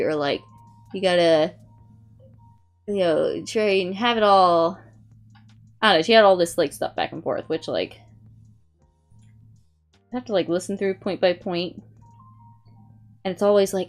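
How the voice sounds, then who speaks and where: A woman's voice: lowish voice, expressive, measured pace, long pauses, soft background music. A young woman streamer in casual chat, rambling with many fillers and reading aloud from a review. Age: young adult.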